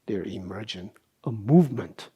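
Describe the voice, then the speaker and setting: Slow, husky-voiced man teaching meditation. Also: lowish voice, animated, mellow. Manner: unhurried explaining, with rhetorical questions and frequent "right?". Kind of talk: Buddhist dharma talk.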